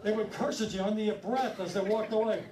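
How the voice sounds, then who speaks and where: A man from Brooklyn doing a stand-up set, telling stories in a punchy, animated way. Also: high-pitched, fast talker, over a noisy crowd, heavy background noise. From Brooklyn, New York. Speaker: stand-up comedian. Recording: roomy live sound from a distance. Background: audience laughter.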